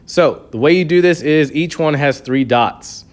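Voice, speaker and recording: A man's voice: on the high side, a little slow. Patient male chemistry teacher explaining. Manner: patient step-by-step explaining, frequent "okay". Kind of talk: recorded classroom review lesson.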